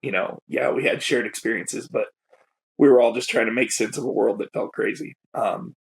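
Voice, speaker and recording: A husky man speaks candidly about his past. He is reflective and emotional, with a slightly rough, breathy edge to his voice and the occasional self-conscious laugh. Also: mid-range voice, moderate pace. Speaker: guest, poet and educator. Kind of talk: candid personal storytelling.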